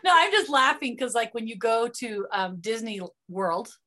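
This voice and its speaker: A woman's voice: on the high side, expressive, moderate pace, pushed and bright. A woman hosting a podcast interview, eagerly jumping in with playful questions and asides. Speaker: podcast host. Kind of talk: casual interview chat.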